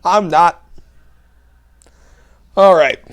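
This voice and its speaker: A man's voice: high voice, drawn-out words. A male commentary host ranting in a sarcastic, heated, mocking way.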